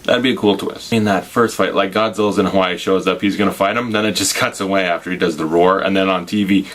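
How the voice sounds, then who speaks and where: Man, very low voice, casual movie review, enthusiastic, gushing, rambling. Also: steady tone, fast, hardly any pauses, a bit bright. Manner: loose, rambling, with restarts. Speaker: film reviewer.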